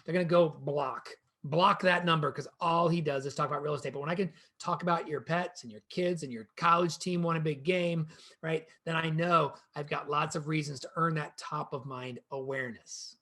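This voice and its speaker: Husky-voiced man giving energetic training. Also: on the high side, normal speed. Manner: energetic, conversational, addresses a co-host. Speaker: real estate trainer. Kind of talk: presenting a training session.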